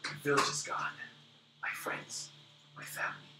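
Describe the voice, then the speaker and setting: A man voicing a feeble, bitter old man in a wheelchair in a whispered role-play, with a breathy, wheezing whisper. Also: normal speed, roomy sound, distant mic, natural voice, poor audio. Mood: bitter, accusing.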